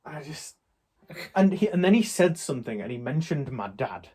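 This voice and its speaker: A man's voice: on the high side, very animated, moderate pace, darkish tone, husky. A young man from England chatting casually, retelling a shop argument in a rambling way. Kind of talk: casual chat, storytelling.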